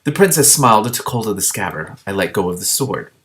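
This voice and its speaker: Low-voiced man reading a novel aloud. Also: fast. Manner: steady reading with small slips and self-corrections. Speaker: book reader.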